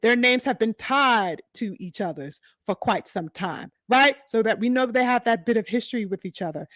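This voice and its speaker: Female host, high lively voice, slangy casual boxing talk, dry close sound. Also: normal speed, dry recording. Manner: animated, slangy, mimics fighters' quotes, laughs often. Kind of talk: casual chat.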